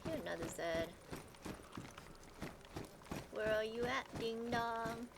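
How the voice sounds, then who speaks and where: A woman streaming a game live, chatting with her viewers, excitable and laughing often as she plays. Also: a little high, takes it slowly, noisy background. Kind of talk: live gameplay commentary.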